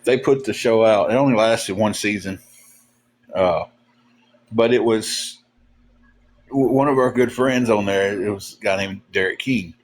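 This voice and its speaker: Low-ish guy on a livestream, rambling folksy stories, lots of ums, kinda tired. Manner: drawn-out, tired. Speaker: livestream co-host. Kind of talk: casual livestream chat, storytelling.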